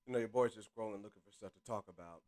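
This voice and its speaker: A young man hosting a casual live stream, chatty and reading articles aloud with offhand asides, his loudness rising and dropping to mumbles. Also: lowish voice, racing.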